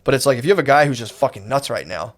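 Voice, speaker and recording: A man's voice: medium pitch, expressive, very fast. A man co-hosting a podcast, rambling in casual chat, swearing and acting out little quotes. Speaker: podcast co-host.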